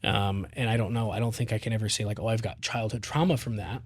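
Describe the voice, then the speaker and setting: A man's voice: fairly low pitch, fairly even intonation, fast, breathy edge. A man in his thirties, a podcast co-host, talking casually in a rambling way with lots of fillers. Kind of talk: casual chat.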